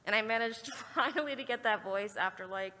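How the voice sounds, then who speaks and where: A woman in the audience of a convention panel asks a voice actor a question, chatty and quick to giggle. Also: a little high, bright, forceful tone. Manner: giggly, chatty, breaks into laughs. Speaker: fan asking a question. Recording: reverberant convention hall.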